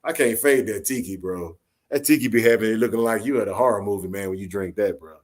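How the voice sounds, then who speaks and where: A man hosting a live late-night talk show, chatting casually with a soft-spoken, laid-back, joking manner over a phone line. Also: on the low side, quick pace. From Orange, Texas. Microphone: phone call into live audio show.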